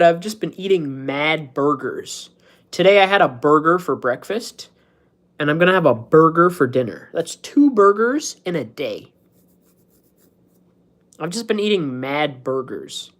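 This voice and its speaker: Man, 30s, casual home streamer; goofy, rambling, self-deprecating humor. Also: a little high. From United States. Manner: joking, self-mocking, laughs at his own jokes. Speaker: streamer hosting a live stream. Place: at home, indoors.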